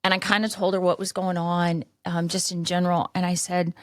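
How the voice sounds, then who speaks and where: A woman in her fifties tells a candid personal story on her podcast, rambling along with frequent restarts and fillers. Her voice sits fairly low. The recording is dry and close, with no echo. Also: flat delivery, fairly quick, hardly any pauses. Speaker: podcast host.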